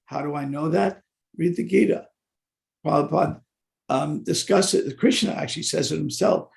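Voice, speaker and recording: An older man giving a devotional scripture class, genial and halting, with many fillers and restarts. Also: fairly high pitch, creaky. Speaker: class speaker.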